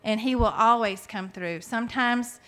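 In a slightly high, pushed, bright voice at normal speed, a woman in her forties earnestly relates her own faith testimony with heartfelt feeling, restarting often along the way.

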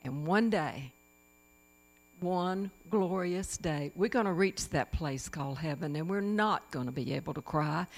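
A woman's voice: on the low side, measured pace. A woman addressing a church congregation in a spirited, exclamatory testimony full of praise.

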